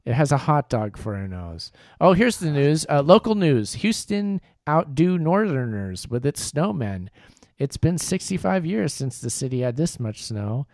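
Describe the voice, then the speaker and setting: A man's voice: a little high, big pitch swings, measured pace, hardly any pauses, darkish tone, dry recording, studio quality. A man co-hosting a casual live-stream podcast, rambling and correcting himself as he plugs the show's channels. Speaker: podcast co-host.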